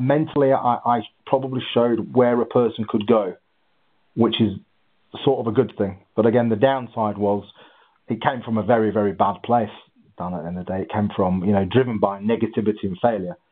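A husky-voiced man telling his story in an interview, animated, with halting restarts. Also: on the low side. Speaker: guest, ultra runner. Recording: tinny phone-like line.

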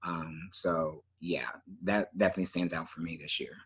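A man co-hosting a podcast in casual chat, relaxed and often trailing off with fillers. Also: sits low, normal speed, husky. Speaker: podcast co-host.

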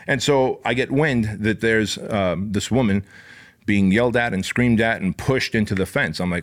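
A man's voice: lowish voice, normal speed. A man telling a personal story in a casual, rambling way, full of profanity and fillers.

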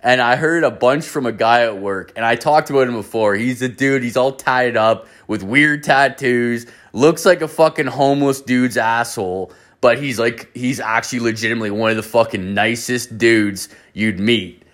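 Bright-voiced, foul-mouthed podcast guy. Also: mid-range voice, normal speed, few pauses. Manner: profane, rambling, lots of fillers. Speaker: podcast host. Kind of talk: casual storytelling.

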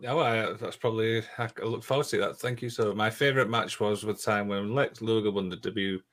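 A man's voice: lowish voice, brisk, fairly bright tone. A man hosting a podcast in casual chat, giggling and reading out viewer comments. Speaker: podcast host.

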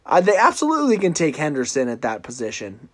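A man with a notably high voice hosts a casual sports podcast. He talks in an animated, teasing way and often bursts into loud laughter. It is loose banter between friends. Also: fast talker. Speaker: podcast host.

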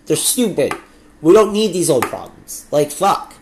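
A man's voice: a little high, very animated, unhurried, darkish tone, slight background noise. A young man with a Canadian accent hosting a solo podcast, ranting heatedly and swearing often. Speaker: podcast host.

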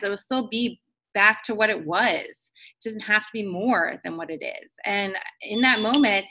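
Bright-voiced earnest woman host. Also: mid-range voice. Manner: earnest, reflective, motivational. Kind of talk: casual conversational podcast.

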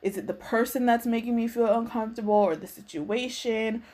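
A woman's voice: fairly high pitch, a little fast, darkish tone. A woman host talking casually and reflectively about her needs, voicing her own prayers as she goes. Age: adult, working. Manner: conversational, acts out her prayers aloud. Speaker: faith podcast host.

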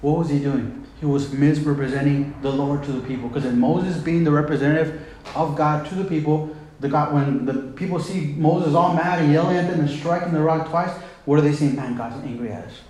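Preacher in a booming echoey hall. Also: male voice, fairly even intonation, brisk, darkish tone. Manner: conversational, retelling scripture with emphasis. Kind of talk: sermon.

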